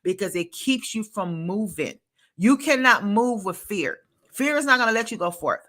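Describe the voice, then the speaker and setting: A woman's voice: medium pitch, expressive, normal speed, fairly bright tone. A woman host on a faith-based podcast, preaching emphatically and repeating phrases for effect over a video call. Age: adult, a parent.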